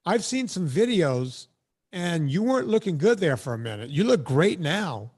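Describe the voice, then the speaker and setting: A man's voice: high-pitched, very animated, moderate pace, a little mellow, slightly rough. A man hosting a podcast interview, chatting casually and telling stories with self-deprecating humor. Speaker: podcast host.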